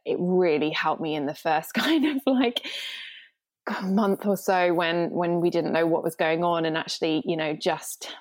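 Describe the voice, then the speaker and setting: A woman, guesting on a podcast as a yoga teacher. Her voice sits a little low, and she talks candidly, trailing off and restarting as she goes. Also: unhurried. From England. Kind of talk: podcast interview.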